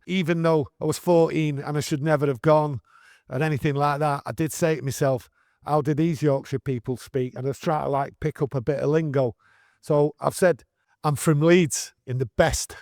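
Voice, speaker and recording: A man's voice: mid-range voice, no echo, studio quality. Older Manchester man telling a war story. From England. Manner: animated, earnest, slips into broad northern dialect. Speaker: guest storyteller. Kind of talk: casual storytelling interview.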